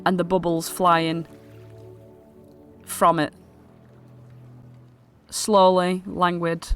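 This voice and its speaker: A game master narrating a tabletop scene in a dreamy, unhurried way. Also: female voice, lowish voice, flat delivery, a bit bright, smooth, faint music behind.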